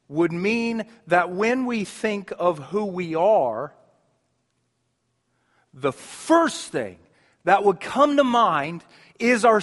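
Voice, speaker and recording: High-voiced male pastor in a hall. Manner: swings from emphatic to soft and hushed; repeats words when building a point. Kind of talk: sermon.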